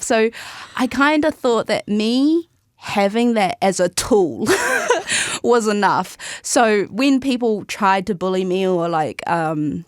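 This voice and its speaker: A woman's voice: medium pitch, animated, slow pace, dry recording, studio quality. A young woman, telling stories as a podcast guest in a chatty way and often laughing mid-sentence. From New Zealand. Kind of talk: casual interview chat.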